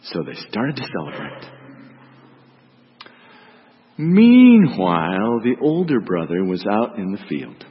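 A man's voice: on the low side, huge pitch swings, takes it slowly, pauses often, in a large hall, lo-fi sound. A man reading a gospel story aloud as a priest and then preaching on it, voicing its characters dramatically.

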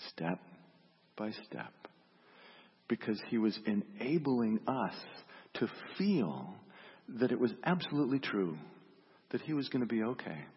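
A man's voice: mid-range voice, slightly rough, big-room sound, lo-fi sound. A man preaching a sermon in a reflective, storytelling way, often repeating his questions. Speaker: pastor.

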